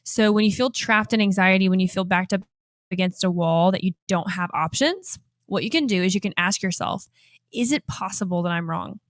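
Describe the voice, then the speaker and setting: A woman in her twenties hosting a motivational podcast as a life coach, upbeat and animated, laughing often. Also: medium pitch, moderate pace, no room sound, studio quality. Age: 20s.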